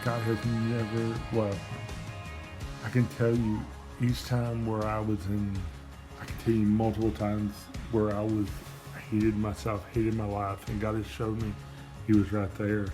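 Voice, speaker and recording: Earnest man with a low voice. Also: completely flat delivery, unhurried, music in the background. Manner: earnest, emotional, repeats himself. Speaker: churchgoer giving a testimony. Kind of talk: personal testimony video. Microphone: camera.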